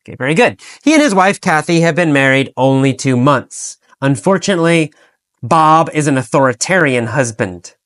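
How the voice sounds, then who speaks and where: A man's voice: fairly high pitch, expressive, moderate pace, a bit bright, dry recording, clean studio sound. A man teaching an English lesson, telling a story through repeated questions and answers and asking listeners to repeat key phrases.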